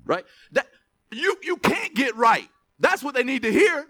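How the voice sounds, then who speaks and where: Guy pastor preaching, high voice, swoops all over, draws out scripture words. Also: a little slow. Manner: animated, stretches scripture words for emphasis, drops to asides. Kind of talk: sermon.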